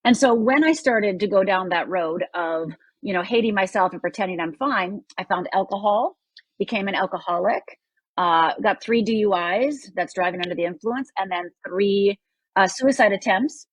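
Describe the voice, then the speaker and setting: A woman's voice: medium pitch, moderate pace, no room sound, low-quality recording. A woman in her sixties from Upper Michigan, telling a personal story as an interview guest in an earnest, emphatic way. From Upper Michigan, United States. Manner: earnest, emphatic, acts out quoted voices. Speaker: guest, life coach.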